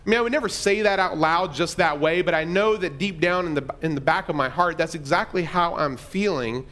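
A man's voice: on the high side, fairly quick, fairly bright tone. A middle-aged man pastor telling a personal story in a conversational, self-deprecating sermon.

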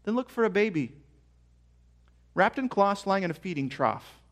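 Male pastor with a high voice, preaching earnestly with rising excitement. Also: normal speed. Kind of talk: sermon.

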